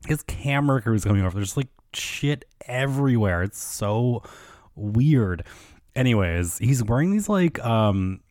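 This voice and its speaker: A man's voice: mid-range voice, expressive, unhurried, darkish tone, no room sound, studio quality. A man hosting a solo podcast, rambling through celebrity gossip in a casual way, with constant fillers and swearing. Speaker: podcast host.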